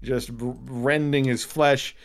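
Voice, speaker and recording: A man narrating as game master of a tabletop role-playing game, telling the scene vividly with sudden jumps in pitch. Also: steady tone, takes it slowly, clear, resonant tone.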